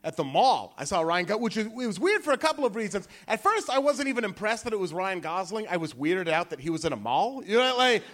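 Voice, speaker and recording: A man in his thirties doing a stand-up comedy set on stage, talking casually and building up into shouted rants. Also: high voice, very animated, fast, hardly any pauses. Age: 30s. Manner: conversational, rising into shouted rants. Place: comedy club stage before a laughing audience.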